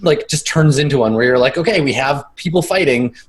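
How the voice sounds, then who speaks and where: A man with a mid-pitched voice playing a tabletop game. He riffs on ideas with enthusiasm, often pausing with "like". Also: lively intonation. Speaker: player. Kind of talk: casual tabletop play.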